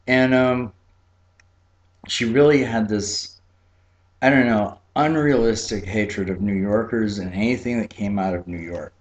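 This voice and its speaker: A man from Key West, Florida telling a childhood story in a relaxed, chatty way, with frequent fillers and laughs. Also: fairly low pitch, measured pace, dull audio. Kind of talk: personal storytelling.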